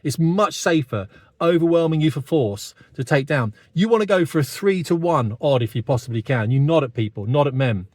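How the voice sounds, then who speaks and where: A man's voice: on the high side, lively intonation, normal speed, a little mellow, no room sound, studio quality. A man in his fifties with a British accent, talking bluntly straight to camera and tagging his points with "mate". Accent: British English. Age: 50s. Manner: blunt, conversational, keeps adding "mate". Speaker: online commentator. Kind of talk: direct-to-camera monologue.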